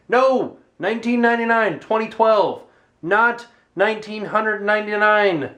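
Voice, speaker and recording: Rambling young man vlogging from his car. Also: sits high. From Florida, United States. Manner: rambling, jokey, animated storytelling. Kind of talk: casual vlog chat. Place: car and grocery store parking lot.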